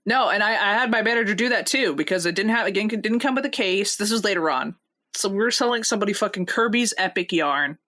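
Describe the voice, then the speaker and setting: A woman's voice: mid-range voice, fast. Swearing young woman telling a story. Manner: swears constantly, animated retelling. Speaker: podcast co-host. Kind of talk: casual storytelling chat.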